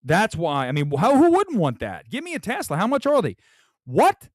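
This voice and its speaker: A man talks in a loose, rambling rant, full of sarcastic asides. His pitch swings widely from low grumbles up to high, incredulous peaks. The sound is dry and close, with no room around it. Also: huge pitch swings, moderate pace, no echo. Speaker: podcast host. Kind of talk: casual opinionated chat.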